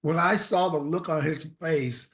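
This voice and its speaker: A man's voice: on the high side, unhurried. A man, a comedian, telling a self-deprecating story in conversation and acting out the voices of the people in it. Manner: animated, acts out voices of people in his stories. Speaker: comedian guest.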